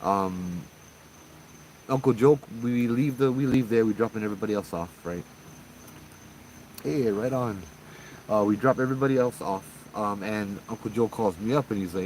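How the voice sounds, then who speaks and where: A man with a lowish voice tells ghost stories in an easygoing, rambling way, slipping quotes of other people into the flow. A faint hiss sits under the recording. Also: darkish tone, low-quality recording. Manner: rambling, conversational, quotes others in quick asides. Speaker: storyteller host. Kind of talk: casual ghost story telling.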